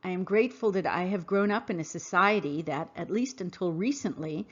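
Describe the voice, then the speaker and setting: A woman hosting a podcast, reading a scripted monologue in an earnest, emphatic, measured way. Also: lowish voice, dull audio. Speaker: podcast host. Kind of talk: scripted monologue read aloud.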